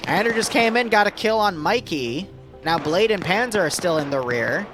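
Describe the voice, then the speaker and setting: High-voiced excitable male game commentator. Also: over music. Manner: fast, excitable play-by-play with many fillers. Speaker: match commentator.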